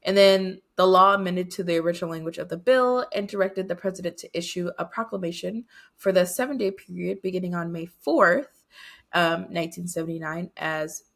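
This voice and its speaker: A young woman co-hosting a podcast, explaining things in a steady, careful way. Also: on the low side, fairly quick, creaky. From United States. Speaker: podcast co-host. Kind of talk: casual chat.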